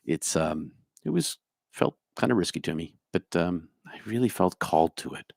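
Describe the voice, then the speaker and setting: Jersey guy going thru his livestream chat, kinda low voice, dry close sound, hums between comments. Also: lively intonation, normal speed, creaky, darkish tone, dry recording. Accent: New Jersey. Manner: musing, talks to viewers by name, hums to himself. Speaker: spiritual speaker reading live chat.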